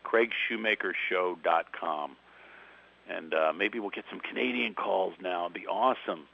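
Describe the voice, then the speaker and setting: A middle-aged man with a Philadelphia accent talks in a fairly low voice. He cracks rapid jokes and laughs through his own lines. The sound is dull and lo-fi, like a radio studio feed. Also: gravelly, no echo. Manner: rapid-fire jokes, laughing mid-sentence. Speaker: guest comedian. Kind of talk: joking radio interview.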